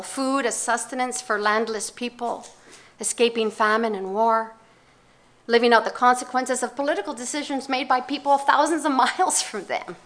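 A woman's voice: on the high side, fairly bright tone. Older woman telling a reflective story. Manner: reflective, measured, with pauses and restarts. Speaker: speaker giving a talk. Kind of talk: personal storytelling talk.

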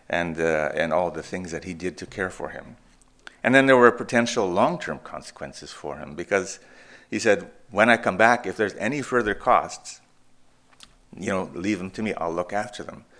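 A man preaching a sermon, reflective and emphatic, with pauses and restarts. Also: sits low, fairly bright tone. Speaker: pastor.

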